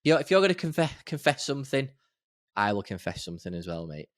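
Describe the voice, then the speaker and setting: A man's voice: mid-range voice, big pitch swings, fast talker, no room sound, clean studio sound. A man co-hosting a podcast in casual chat, easygoing and emphatic, with sarcastic outbursts. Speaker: podcast co-host.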